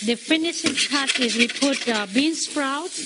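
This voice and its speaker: A woman with a slightly high voice walks through how a dish is made, speaking earnestly and stopping now and then to find the next word. Food sizzles loudly in a pan behind her in a studio kitchen. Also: very noisy. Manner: plain, earnest explaining with pauses. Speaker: restaurant owner. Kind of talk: on-air cooking demonstration.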